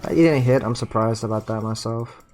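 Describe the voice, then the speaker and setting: A man streaming a video game, muttering about his play and bursting into frustrated shouting and swearing. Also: fairly low pitch, a little fast, music in the background. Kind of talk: live game commentary.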